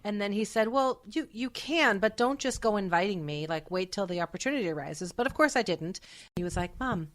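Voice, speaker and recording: A woman's voice: mid-range voice, lively intonation, a little fast. A woman in her forties hosting a podcast, talking thoughtfully and earnestly in casual chat. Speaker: podcast host.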